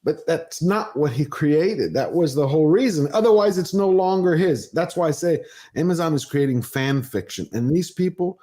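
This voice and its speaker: A man's voice: a little high, animated, normal speed, dark tone. A man hosting a live stream, reading quotes aloud and arguing his point with emphasis. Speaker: host.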